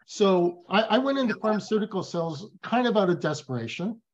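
A man speaks as a guest in a casual interview. He tells stories with animated emphasis. His audio sounds a little dull and muffled. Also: high-pitched, brisk. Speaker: guest, business professor.

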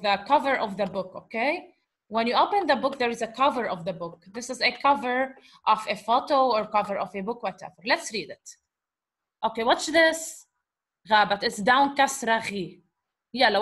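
Woman, slightly high voice, patient teacher, sounds out syllables slowly, asks questions. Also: a bit bright. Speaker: Arabic teacher. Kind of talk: teaching an Arabic letter lesson in English.

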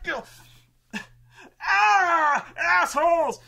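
A man's voice: very high-pitched, takes it slowly, gravelly, bright, forceful tone, pitched above the performer's own voice, exaggerated voice. A man screaming as an enraged war-god warlord. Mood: furious pain. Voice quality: screaming, profane.

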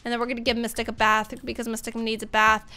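A woman's voice: a little high, completely flat delivery, quick pace, pushed and bright, clean tone. A woman hosting a gaming channel, chatting to viewers in let's-play commentary.

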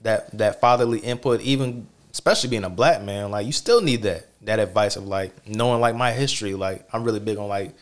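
A man hosting a podcast, talking in a relaxed, reflective way with many fillers. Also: fairly low pitch, brisk, few pauses. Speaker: podcast host. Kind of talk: casual chat.

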